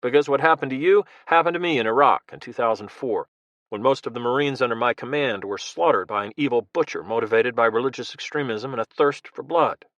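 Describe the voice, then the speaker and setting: A man's voice: medium pitch, fairly quick, fairly bright tone, no room sound, dull audio, natural voice. A man voicing an intense American former Marine leader who speaks bluntly and earnestly.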